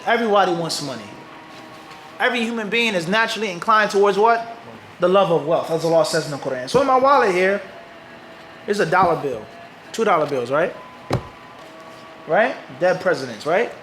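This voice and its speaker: American guy from philly giving a lecture, high voice, keeps asking the crowd "what?" then answers, little bit of hum behind. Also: fairly bright tone, echoey room, low-quality recording. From Philadelphia, USA. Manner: asks the audience rhetorical "what?" questions, then answers them. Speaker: Islamic teacher. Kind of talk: lecture to a live audience.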